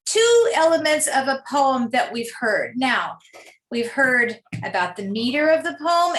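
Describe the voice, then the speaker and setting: A woman teaching a poetry lesson, her high voice carrying a bright, clear edge. She talks slowly and deliberately, drawing out each line of verse as she reads. Her manner stays gently instructive as she explains to the class. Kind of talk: poetry lesson with read-aloud. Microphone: computer mic, screen-share lesson.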